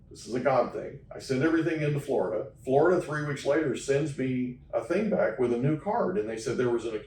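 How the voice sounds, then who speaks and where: A podcast host, a man with a mid-range, slightly mellow voice, tells a story with emphasis during a casual interview chat, often checking in with "okay?". The mic sits at a distance in an echoey room, with slight background noise.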